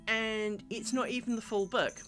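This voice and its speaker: A woman's voice: fairly high pitch, fairly even intonation, moderate pace. A woman chatting casually on a live craft stream, rambling through stories and muttering at herself as she works. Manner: mutters and scolds herself while working. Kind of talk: casual live-stream chat while working. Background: music playing.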